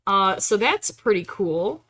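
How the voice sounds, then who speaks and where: A young woman streaming live while drawing, chatting casually and getting bubbly and squealy when excited. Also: mid-range voice, slow.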